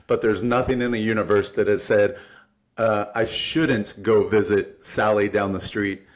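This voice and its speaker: A man's voice: lowish voice, fairly even intonation, a little slow. A man hosting a casual podcast interview, explaining with analogies and frank, profane talk. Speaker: podcast host.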